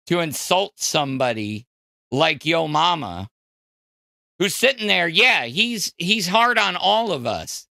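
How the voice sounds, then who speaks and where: A man's voice: fairly high pitch, big pitch swings, slow pace, gravelly, sharp tone, no echo, clean studio sound. A man hosting a podcast, ranting casually with lots of profanity, fillers and restarts. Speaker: podcast host. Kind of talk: casual crude podcast rant.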